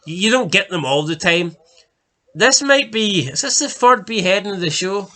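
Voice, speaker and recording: A podcast co-host chats casually as he ranks TV deaths, rambling loosely with swearing and filler words. His voice is high-pitched, bright and forceful, with lively intonation at a moderate pace.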